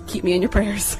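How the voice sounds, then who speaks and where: A young adult woman chattily telling a personal story to listeners, acting out the quotes in a higher voice. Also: low-quality recording.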